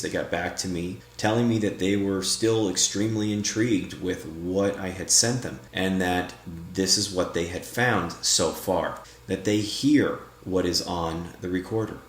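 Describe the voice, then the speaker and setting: A man doing paranormal vlog narration, speaking slowly and deliberately and calling out to unseen guides. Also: low voice, a bit bright. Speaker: paranormal investigator. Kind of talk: vlog narration and spirit session. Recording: echoey room.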